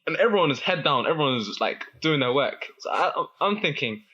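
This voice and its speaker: A young man telling a school story in casual chat, animated, with lots of restarts and laughter. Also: a little high, fairly quick, slightly rough, dull audio. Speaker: guest.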